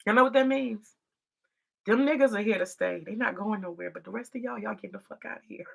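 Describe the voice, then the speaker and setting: A woman's voice: mid-range voice, fast talker, vocal fry, a bit bright, husky. A woman from the United States giving profane, confrontational vlog commentary in a preachy manner.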